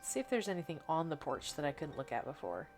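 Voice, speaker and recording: Low-voiced woman streamer, Missouri twang. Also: big pitch swings, fast talker. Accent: Missouri Bootheel twang. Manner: chatty, thinks aloud, reads chat. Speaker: game streamer. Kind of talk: livestream gameplay commentary. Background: game music and cicadas.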